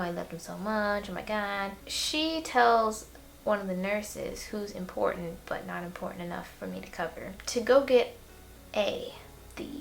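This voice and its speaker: A young woman talking through a lesson in a loose, joking way, tossing in slangy asides. Her pitch sits in an ordinary middle range, and faint music plays behind her. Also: gravelly, a bit bright. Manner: chatty, irreverent and jokey, with slangy asides. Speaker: educational video host. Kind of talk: casual summary lesson.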